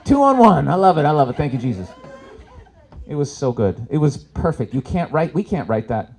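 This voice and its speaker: A man performing live stand-up, telling stories with sudden loud shouted impressions. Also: mid-range voice, animated, a little fast, husky, a faint crowd. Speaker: stand-up comic. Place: expo stage before an audience.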